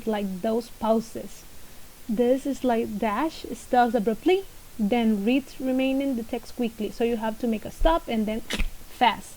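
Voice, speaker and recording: A woman's voice: on the high side, mellow, a little hiss or hum, low-quality recording. A woman teaching reading in English as a non-native speaker whose first language is Spanish, explaining patiently and repeating key points with stress. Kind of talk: recorded lesson explanation.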